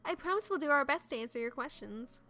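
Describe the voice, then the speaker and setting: A woman voicing a gentle female fairy who speaks softly and reassuringly in a game playthrough. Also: sits high, expressive, fast, soft background music, heavily acted.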